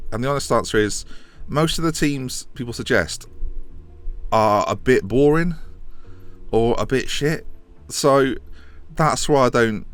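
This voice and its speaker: A young man with a hoarse voice from a chest infection, rambling and correcting himself as he streams a football management game and answers chat questions. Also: mid-range voice, no echo. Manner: chatty, rambling, restarts and self-corrections. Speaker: gaming streamer. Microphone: desk microphone.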